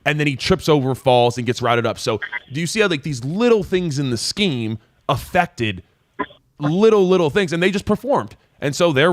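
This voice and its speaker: Young man, host of a call-in film review, casual and lively, mid-pitched voice, dry close sound. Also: dry recording. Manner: casual, animated, voices players' thoughts. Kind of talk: live call-in football film breakdown.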